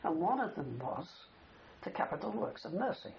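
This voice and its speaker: Sitting high and gravelly, this old soldier's voice is very animated at a moderate pace as he rambles through a long war story, adding "you see" to his sentences. A crowd is audible behind him, and the dull recording has faint hiss.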